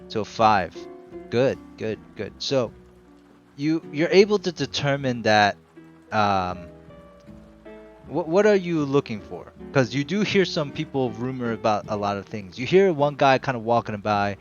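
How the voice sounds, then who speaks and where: A man's voice: medium pitch, animated, measured pace, highs cut off, soft background music. A man narrating a tabletop game as game master, hesitant with fillers and often laughing.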